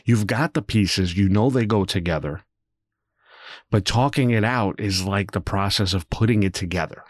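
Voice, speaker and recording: Young male podcast host, low voice, rambling and profane, dry close mic. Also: normal speed, no echo. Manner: candid, rambling, swears freely, swings between muttering and animated. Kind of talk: solo podcast monologue.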